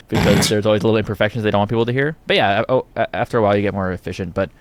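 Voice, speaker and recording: A man's voice: lowish voice, racing, no echo. Laid-back Canadian man with an Ontario accent. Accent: Ontario English. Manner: relaxed, rambling, laughs often. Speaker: guest singer. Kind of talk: casual interview chat.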